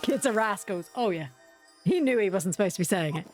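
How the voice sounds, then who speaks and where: A woman's voice: medium pitch, expressive, brisk, a little mellow, soft background music. A woman streamer chatting casually during a livestream, rambling through anecdotes.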